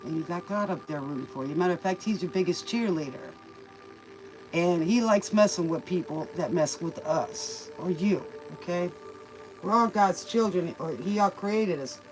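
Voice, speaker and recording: A woman's voice: fairly low pitch, normal speed, soft background music, rough recording. A woman hosting a tarot reading stream, giving folksy, preachy life advice in a casual manner and calling the listener baby. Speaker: tarot reader and livestream host.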